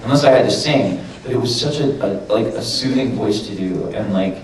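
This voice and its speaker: A man with a worn, hoarse voice, chatting loosely and swearing freely as a voice actor answering questions on a convention panel. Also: fairly low pitch, a little fast, slight background noise. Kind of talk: casual panel Q&A. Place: large convention hall. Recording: echoey hall from far off.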